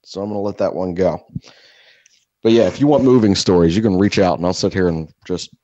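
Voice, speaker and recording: A young man with a very deep, low voice rambles through profane stories in casual podcast chat. The sound is dry and a bit dull, like a close home mic. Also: brisk, dark tone, no room sound. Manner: swearing, rambling storyteller. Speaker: podcast co-host.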